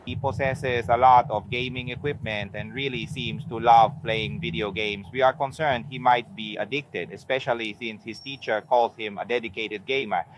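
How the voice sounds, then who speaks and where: A man reading a statement aloud as a news voice-over, in an even, measured way. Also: mid-range voice, slight background noise, rough recording. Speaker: voice-over reader. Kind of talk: read statement.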